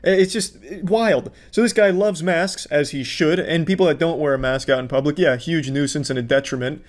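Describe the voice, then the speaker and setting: A man riffs sarcastically over clips with a slightly raised pitch. He swears freely and mocks everyone he watches. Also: moderate pace. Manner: sarcastic, profane, mocking. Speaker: commentator. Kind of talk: mocking reaction commentary.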